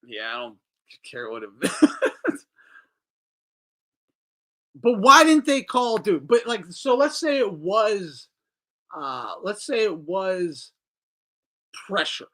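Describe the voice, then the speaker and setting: A man's voice: high-pitched, takes it slowly, pauses often. A man hosting a boxing talk show, giving casual, profane, mocking commentary and answering his chat. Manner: animated, swearing, mocking, reading chat aloud.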